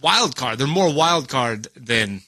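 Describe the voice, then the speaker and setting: A man's voice: medium pitch, lively intonation, slow pace, sharp tone, no room sound. A young man co-hosting a podcast in casual chat, swearing freely and acting out animals in mock voices. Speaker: podcast co-host.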